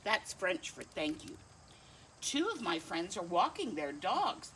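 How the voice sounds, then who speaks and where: A woman's voice: fairly low pitch, big pitch swings, takes it slowly, fairly bright tone, slight background noise. A middle-aged woman reading a picture book aloud to children, kindly, with asides to her pet dog. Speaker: storytime reader.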